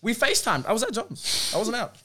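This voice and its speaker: A man's voice: very high voice, huge pitch swings, brisk, sharp tone, breathy edge. A young man chatting casually with friends, teasing and bantering. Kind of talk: casual chat.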